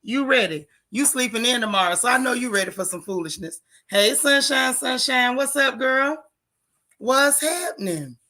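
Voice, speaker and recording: At normal speed, a high, bright, forceful female voice carries this casual live stream. The gossip host greets her viewers by name, sounds out of breath, and chats freely in Southern-tinged African American vernacular, frequently using "child" and "y'all."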